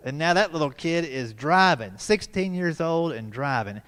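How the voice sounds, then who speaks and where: A man's voice: on the high side, animated, normal speed, hardly any pauses, a bit bright, a little hiss or hum. A man in his fifties performing a stand-up comedy set, telling folksy family stories with punchy asides at a live show in a church hall. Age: 50s.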